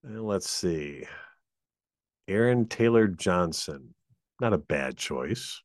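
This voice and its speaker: A man in a casual chat, easygoing and a bit hesitant, often pausing with fillers. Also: sits low, animated, dry recording, studio quality.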